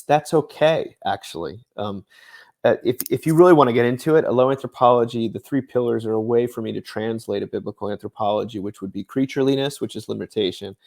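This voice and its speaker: A man's voice: mid-range voice, a little mellow. A man appearing as an author guest in an interview, explaining ideas thoughtfully at length and laughing lightly in the middle of his thoughts. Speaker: author and ministry director, guest. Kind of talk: conversational interview.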